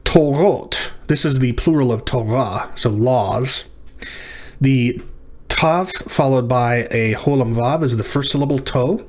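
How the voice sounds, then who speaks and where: A man's voice: mid-range voice, takes it slowly, a little mellow. A man teaching a lecture on syllabification, working through words methodically and correcting himself as he goes. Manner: methodical, self-correcting explanations.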